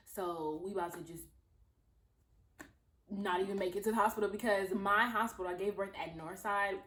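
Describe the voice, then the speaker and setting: A young woman vlogger tells a story in a relaxed, chatty way. She speaks to her viewers as if they were friends and briefly acts out the people she quotes. Her voice sits in a middle pitch and rings with a roomy echo. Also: moderate pace, pauses often. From Los Angeles, USA. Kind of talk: casual storytime chat.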